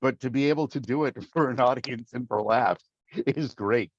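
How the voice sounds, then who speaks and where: A man's voice: mid-range voice, normal speed, no room sound. Middle-aged male voice actor, theatrical storyteller; dry, dull remote sound. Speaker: voice actor, guest. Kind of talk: casual interview talk.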